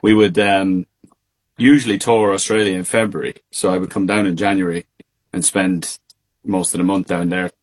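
A man with an Irish accent, a singer being interviewed over a remote call, relaxed and laughing easily with plenty of fillers. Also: deep voice, normal speed, slightly rough. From Ireland. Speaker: guest singer. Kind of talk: casual interview chat.

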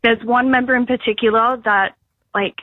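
A woman calling in to a radio show, an excited music fan. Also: a little high, normal speed, no echo. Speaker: caller. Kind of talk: casual phone-in chat. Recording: dull phone line.

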